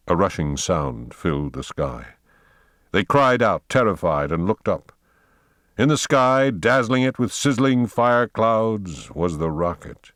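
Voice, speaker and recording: Guy reading an audiobook real slow, low voice, dry close sound. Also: no echo. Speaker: audiobook narrator. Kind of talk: scripted narration.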